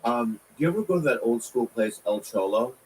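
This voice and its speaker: A man's voice: mid-range voice, brisk, far from the mic, slight background noise, low-quality recording. A man in his fifties in casual, joking podcast banter. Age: 50s. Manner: joking, laughing, animated banter.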